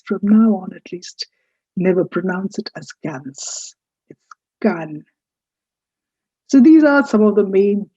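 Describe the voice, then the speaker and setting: A woman teaches a recorded French lesson at an unhurried pace, pausing to correct how words are pronounced. Her voice is deep and husky. The recording is dry and dull. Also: warm tone, no room sound. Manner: explanatory, corrects pronunciation. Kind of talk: recorded online lecture.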